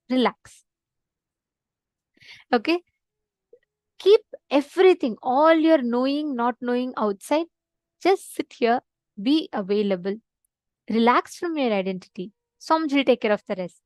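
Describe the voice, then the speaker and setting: Woman, class instructor, highish voice, dry close sound, reassuring storyteller who checks in often. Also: normal speed, darkish tone, no room sound. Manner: reassuring, checks in with "okay?" and "right?". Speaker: program instructor.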